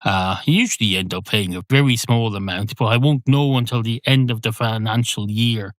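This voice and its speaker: A man's voice: lowish voice, moderate pace, no echo, close to an everyday voice. A man playing a fussy, officious barman who talks in a long-winded, exasperated way, in comic storytelling.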